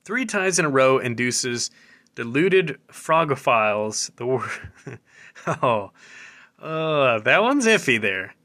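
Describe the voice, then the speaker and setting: A man with a bright, forceful voice and a middle pitch hosts a casual military news show. He reads news and jokes aloud in a chatty, offhand way. He stumbles, restarts and laughs through his reading.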